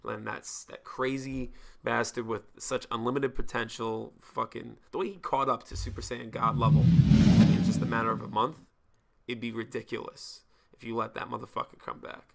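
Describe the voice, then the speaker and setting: A man's voice: mid-range voice, little pitch movement, moderate pace, creaky. A man casually reviewing an anime episode, joking and swearing as he rambles.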